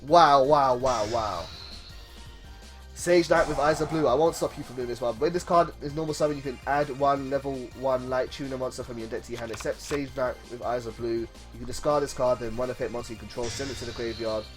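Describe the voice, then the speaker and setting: A man live-streaming a card game, chatting casually and reading card text aloud with excited reactions. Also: medium pitch, quick pace, hardly any pauses, soft background music.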